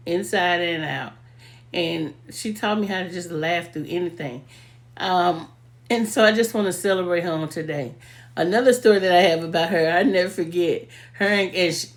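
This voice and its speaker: A young woman, telling heartfelt, emotional stories about a late friend in a casual video, often laughing as she talks. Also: on the low side. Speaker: vlogger paying tribute to a late friend.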